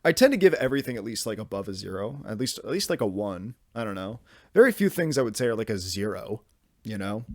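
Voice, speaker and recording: Young male podcast host, rambling animated solo chat, dry close-miked sound. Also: on the low side, fast, dry recording. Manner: rambling, animated, self-interrupting, swears casually. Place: home room at his desk.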